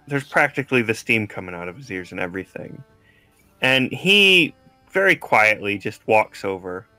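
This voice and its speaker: A man playing a tabletop game, describing his character's actions in a relaxed, rambling way. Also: lowish voice, no echo. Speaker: player.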